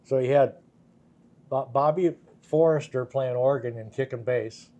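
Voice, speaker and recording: An older man, a guitarist, telling anecdotes in a relaxed interview, laughing often and acting out the voices of the people in his stories. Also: medium pitch, unhurried. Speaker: guest guitarist. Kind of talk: casual storytelling interview.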